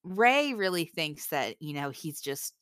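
A woman's voice: deep voice, sing-song, a little slow, fairly bright tone, no echo, clean studio sound. A young woman co-hosting a casual book podcast, gushing and giggling as she reads favorite quotes aloud. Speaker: podcast co-host.

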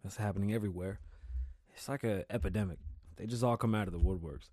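A man hosting his own podcast, talking loosely and excitably, swearing often and stumbling over words. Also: lowish voice, quick pace, no room sound, clean studio sound. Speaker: podcast host. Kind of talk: casual solo podcast talk.

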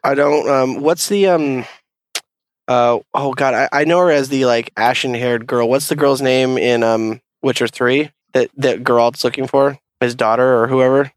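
A man's voice: medium pitch, steady tone, moderate pace, no echo. A man co-hosting a casual gaming podcast, rambling with lots of ums and restarts. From Alaska. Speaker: podcast co-host.

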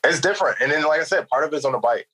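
A man co-hosting a podcast, chatting in a relaxed, matter-of-fact way. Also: on the high side, racing, crowd noise, rough recording. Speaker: podcast host. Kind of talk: casual podcast chat.

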